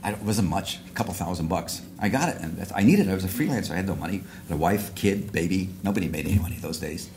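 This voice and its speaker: An older man gives an anecdotal award speech in a luncheon hall, rambling with plenty of restarts and asides. His deep, darkish voice is expressive, and he speaks quickly with few pauses.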